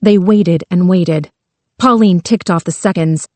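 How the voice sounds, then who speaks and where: A woman narrating a thriller audiobook with a slow, tense delivery. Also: fairly low pitch, darkish tone, dry recording.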